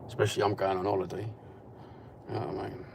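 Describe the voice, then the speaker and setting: A middle-aged Cockney man with a low, gravelly voice chats casually from inside a car. He rambles in a blunt, sweary way. Road and engine noise hum clearly behind him. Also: little pitch movement, quick pace. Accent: Cockney East London. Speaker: vlogger. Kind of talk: casual chat while driving.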